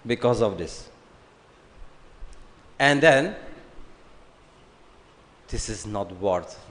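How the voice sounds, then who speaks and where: A man giving an unhurried, joking scripture class, acting out bits of family dialogue. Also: medium pitch. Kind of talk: sermon. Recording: long hall reverb.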